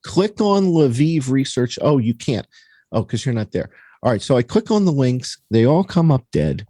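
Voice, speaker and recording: Man, American, host, lively pitch, mellow husky voice, dry close sound, sarcastic casual commentary. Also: normal speed, no echo. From United States. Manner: animated, sarcastic, mocking. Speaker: show host.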